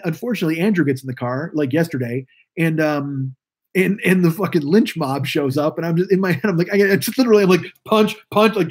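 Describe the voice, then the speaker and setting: A man's voice: high-pitched, husky. A man hosting a live stream, telling a profane, rambling story about his rideshare driving. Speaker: podcast host and rideshare driver. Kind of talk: casual live stream monologue.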